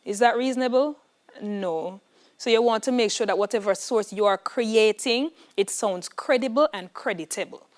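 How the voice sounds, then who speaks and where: A woman's voice: on the high side, normal speed. A woman with a Jamaican accent teaching an exam prep lesson in an emphatic, instructive way, checking in with "all right". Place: classroom.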